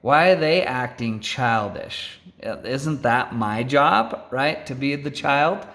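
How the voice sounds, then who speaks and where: A man's voice: medium pitch, lively intonation, takes it slowly, a bit bright. A man voicing a small boy in a car seat, puzzled and asking why the grown-ups are angry. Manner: puzzled, questioning.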